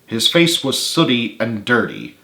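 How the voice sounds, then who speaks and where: A man, the author, narrating his own book in a steady read-aloud. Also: medium pitch, measured pace, vocal fry, echoey room.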